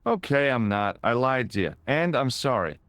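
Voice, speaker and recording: An earnest young American tourist hero from a video game, with an American accent and a clean-cut 1990s hero manner. His delivery is lively in pitch. The studio sound is dry. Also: normal speed, no echo.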